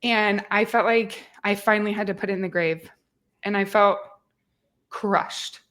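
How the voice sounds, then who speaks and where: A woman's voice: mid-range voice, steady tone, unhurried, a bit bright. A woman in her thirties hosting a fitness podcast, talking earnestly and motivationally about failure and perseverance. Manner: earnest, motivational, self-reflective. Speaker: fitness podcast host and coach. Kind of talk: casual podcast chat.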